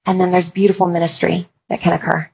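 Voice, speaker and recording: Husky woman telling faith stories. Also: lowish voice, flat delivery, quick pace, darkish tone, poor audio. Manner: chatty storytelling with playful asides. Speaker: speaker on Christian parenting. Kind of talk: talk to an audience on faith and parenting.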